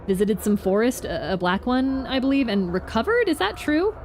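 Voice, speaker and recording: A woman's voice: a little high, big pitch swings, normal speed, a little mellow, a little hiss or hum, voice pushed up. A woman voicing a polite, composed male doctor who asks courteous, probing questions. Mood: inquiring.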